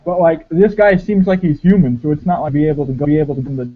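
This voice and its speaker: A man's voice: fairly high pitch, steady tone, fast, slight background noise. A young man running a tabletop game as game master, narrating with many hesitant "like"s and restarts. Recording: dull lo-fi audio.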